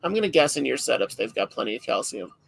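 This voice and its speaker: A man hosting a casual livestream, relaxed, reading out viewer questions and moving between guests. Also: mid-range voice, quick pace, vocal fry, slightly rough. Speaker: livestream host.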